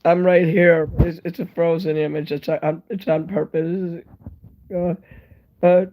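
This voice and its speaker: A man in his fifties with a hoarse, fading voice and a stuffy nose, rambling candidly to his viewers in a casual live-stream chat. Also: a little high, level tone, a little slow, muffled recording, noisy background. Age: 50s.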